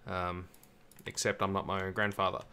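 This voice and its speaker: A man's voice: low voice, level tone, moderate pace, pushed and bright, slight background noise. A man casually narrating his own gameplay, talking himself through each step with dry self-mocking asides. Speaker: gamer streaming a survival server. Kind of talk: casual let's-play commentary.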